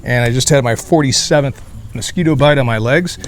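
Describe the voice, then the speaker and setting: Sweating in the heat of an outdoor beer garden, a channel host reviews beer in a middle-pitched voice, talking a little fast. His loose vlog style rambles with joking asides and fillers, and there's a slight hiss or hum.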